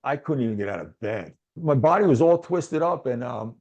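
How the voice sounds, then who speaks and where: A man's voice: medium pitch, normal speed, highs cut off. A middle-aged man, a guest telling a long personal story in casual chat and acting out what others said. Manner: animated, acts out other people's lines, chuckles often.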